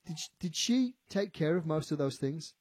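Man, radio psychic medium, animated, repetitive, dark mellow tone. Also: a little high, moderate pace, no room sound. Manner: animated, repeats himself, quotes a spirit. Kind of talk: on-air psychic reading. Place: radio studio.

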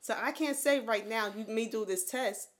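Woman in her thirties, podcast co-host, lively storyteller, acts out quotes, casual chat. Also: fairly high pitch, normal speed. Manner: animated, acts out quotes of others.

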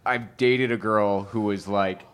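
A man's voice: on the low side, fairly even intonation, a little slow, clean tone. A man telling a rambling anecdote on a podcast, with hesitations along the way. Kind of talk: casual podcast storytelling.

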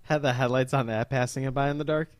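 A man's voice: medium pitch, steady tone, fast talker, no echo. A man co-hosting a podcast, telling funny stories in casual chat with dry humor. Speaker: podcast co-host.

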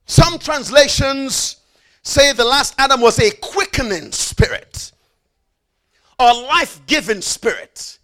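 High-voiced, bright preaching man. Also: animated. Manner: emphatic, repeats phrases with call-and-response prompts; slows down for stressed phrases, rushes through asides. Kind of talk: sermon.

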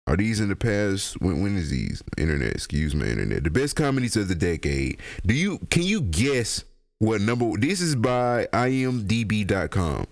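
A young man, high and rambling through a casual, profane solo podcast rant. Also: big pitch swings, normal speed. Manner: rambling, profane, laughs a lot. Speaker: podcast host.

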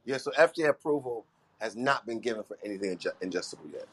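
A man's voice: medium pitch, lively intonation, fast, husky. Man speaker, mid voice, emphatic, repetitive, casual. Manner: emphatic, repeats himself, lots of you know what I'm saying. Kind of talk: casual chat on a live audio room.

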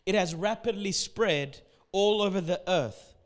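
A man from Ethiopia preaching a sermon as pastor, animated and acting out the people he quotes. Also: sits high, a little slow. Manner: animated, acts out quotes in shifting voices.

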